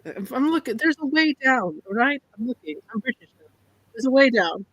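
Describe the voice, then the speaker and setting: A woman doing a gruff guide with a fake British accent. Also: a little high, sing-song, normal speed, a bit bright, highs cut off, pitched above the performer's own voice, heavily acted. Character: adult male wilderness guide, gruff, in a put-on British accent.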